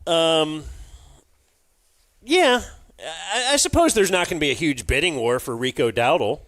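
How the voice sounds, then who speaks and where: This man's voice is a little high, expressive, fairly bright, and slightly slow as he co-hosts a podcast. Broadcasting live from a club, he chats about sports in a laid-back, rambling style loaded with fillers.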